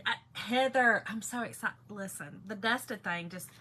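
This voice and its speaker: A woman hosting a casual craft livestream, chatting excitedly and greeting viewers by name. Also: mid-range voice, a little slow. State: one ear still muffled. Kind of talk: casual live-stream chat.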